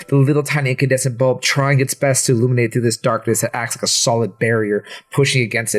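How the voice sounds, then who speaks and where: A man narrating a tabletop game as game master, with descriptive, dramatic narration. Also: mid-range voice.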